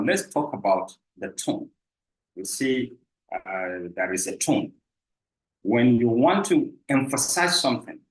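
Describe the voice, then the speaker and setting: A man explaining a clinical assessment in a teaching lecture, patient and repetitive, with frequent filler sounds. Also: mid-range voice. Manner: explanatory, repeats key points, frequent "uh" fillers. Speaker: clinical instructor. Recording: echoey room.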